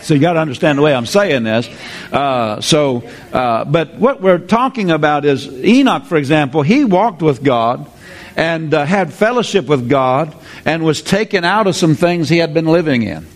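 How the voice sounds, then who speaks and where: A man preaching a sermon, lively, repeating his phrases and drawing responses from the congregation. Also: on the high side, normal speed.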